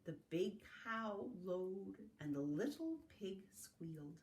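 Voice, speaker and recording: A woman reading farm-animal picture books aloud to young children in a slow, sing-song storytime manner, adding animal sounds along the way. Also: mid-range voice, very animated, darkish tone. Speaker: family literacy facilitator. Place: home, recorded for an online circle.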